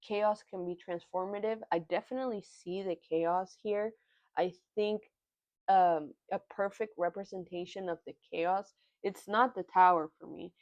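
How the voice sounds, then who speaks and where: A young woman giving a tarot reading in an earnest, halting way, often moved by what she says. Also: mid-range voice, fairly even intonation, a little mellow, dry recording, lo-fi sound. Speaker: tarot reader. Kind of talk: pick-a-card tarot reading.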